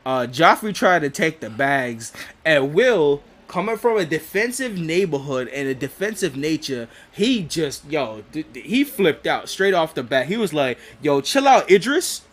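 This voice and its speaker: Man, fairly high voice, casual podcast recap, rambling, swears a lot, laughs often. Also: sing-song, measured pace, few pauses, a bit bright. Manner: rambling, profane, laughs often, frequent restarts. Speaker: podcast co-host.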